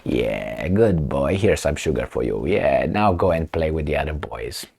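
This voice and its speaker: A man voicing a smug, powerful man who talks down to a lesser partner in a soft, low, condescending tone. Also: animated, measured pace, creaky, breathy edge, exaggerated voice. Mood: patronizing.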